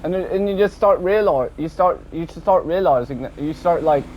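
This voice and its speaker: A man rambling casually about an online game session, swearing often and tacking on a low, dropped "mate". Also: moderate pace. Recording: dull lo-fi audio with faint background noise.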